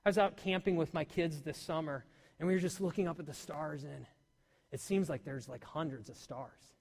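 A man preaching a sermon to a congregation, animated and full of questions to his listeners. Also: fairly high pitch, normal speed. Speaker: pastor. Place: church hall. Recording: long hall reverb.

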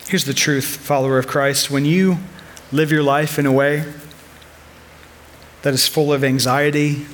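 A man's voice: mid-range voice, fairly bright tone, a little hiss or hum. A man in his thirties preaching a sermon as a pastor, earnest and conversational, weaving personal stories into his message.

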